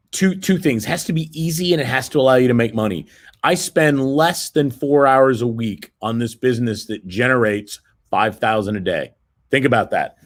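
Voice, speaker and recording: A middle-aged man giving a motivational sales seminar, persuading the audience and checking in with frequent "right?" tag questions. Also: mid-range voice. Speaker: seminar presenter.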